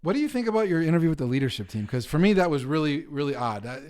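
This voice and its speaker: A man's voice: on the high side, big pitch swings, racing, darkish tone, smooth. A man, a pastor, chatting candidly and conversationally with frequent restarts. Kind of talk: casual chat.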